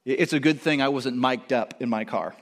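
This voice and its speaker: This sermon comes from a middle-aged pastor with a mid-range voice who preaches animatedly. His volume swells on quotations, and he often stumbles and quickly starts over.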